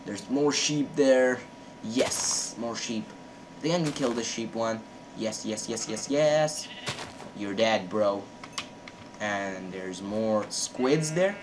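A man giving casual commentary on his own gameplay, chatty and repeating words in quick bursts. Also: on the low side, noisy background. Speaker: gaming channel host.

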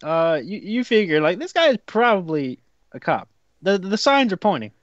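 A laid-back man with a drawl runs a tabletop game as dungeon master, his voice pitched a touch high. He rules on the fly in a relaxed, chuckling way. The sound is dry and slightly muffled. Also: moderate pace, dry recording. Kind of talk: casual tabletop game narration.

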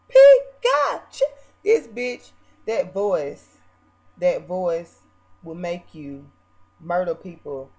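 A woman vlogger ranting casually about a reality show in a brash, profane, mocking way, swinging between loud bursts and muttered asides. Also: fairly low pitch.

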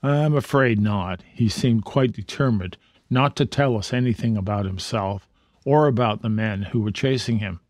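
A man's voice: on the low side, moderate pace, no echo, close to an everyday voice. Modest, level-headed teen boy, read by a man, dry sound. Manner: steady, modest. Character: sensible teenage boy, the elder brother.

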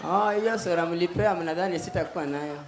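Kenyan male stand-up comic, very high pitch, loud and punchy delivery, echoey live-stage recording. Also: a little fast, creaky, a faint crowd, a little hiss or hum. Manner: loud, mixes Swahili and English, acts out voices. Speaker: stand-up comedian. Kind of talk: stand-up comedy set. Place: live comedy stage with audience. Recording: echoey live venue with faint ambience.

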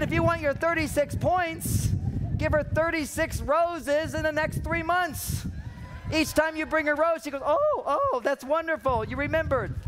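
A man's voice: very high voice, a bit bright, slight background noise. A man giving a humorous seminar talk on an outdoor stage, playfully acting out the voices he quotes. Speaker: seminar speaker. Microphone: microphone catching wind.

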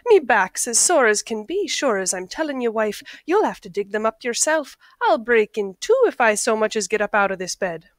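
A woman voicing a lazy peasant man who whines and wails in drawn-out complaints. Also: on the high side, big pitch swings, dry recording, studio quality. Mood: whining. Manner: whiny, drawn-out.

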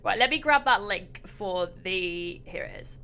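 A young British woman hosting a casual gameplay livestream, excitable, chatty and quick to mock herself. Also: medium pitch. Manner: excitable, chatty, self-mocking. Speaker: streamer host.

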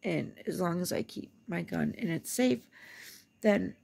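A woman's voice: fairly low pitch, animated, a little slow, creaky, darkish tone. A woman venting to the camera, upset and close to tears, swearing as she swings between whispers and angry outbursts. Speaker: vlogger venting. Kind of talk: emotional rant to camera.

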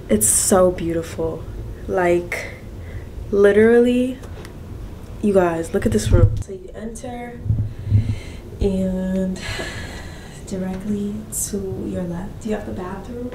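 A young woman chats excitedly to her viewers from a hotel room, taking her time and gushing over everything. Her voice carries a clear room echo over a faint hum of ambience. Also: mid-range voice, recorded from a distance. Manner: gushing, excitable, drops to whispers. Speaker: vlogger. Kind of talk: casual vlog chat.

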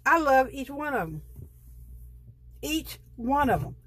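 A woman's voice: high voice, very animated, slow pace, a little hiss or hum. A middle-aged woman, chatting with her viewers as she flips through a sticker book and gushes over each page. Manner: chatty, gushing, talks softly to viewers. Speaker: planner vlogger. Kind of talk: casual show-and-tell of a sticker book.

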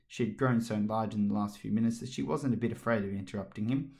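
A man narrating a children's story aloud with a steady, expressive read and the odd slip. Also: fairly low pitch, fast, vocal fry, hardly any pauses. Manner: steady, expressive reading with small slips.

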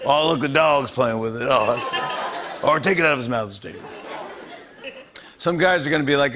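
A hoarse man who has lost his voice, hosting a late-night show and delivering a playful comedy monologue with banter. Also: mid-range voice, brisk, long pauses, crowd noise, noisy background. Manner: playful, laughing at own jokes.

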